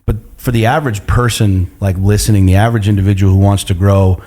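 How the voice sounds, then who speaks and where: A man's voice: on the low side, fairly even intonation, fast, dark tone. A man talking as a business coach in a casual podcast chat, emphatic and profane, often repeating "like" in long strings.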